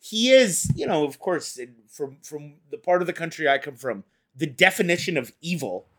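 A man's voice: a little high, lively intonation, normal speed, a bit bright. A man co-hosting a casual sports podcast, rambling with many hesitations. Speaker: podcast co-host.

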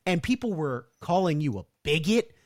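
A man's voice: fairly high pitch, big pitch swings, moderate pace. Man reading news on a podcast, sarcastic. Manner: reads out news items with sarcastic asides. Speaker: podcast co-host. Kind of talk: casual podcast talk.

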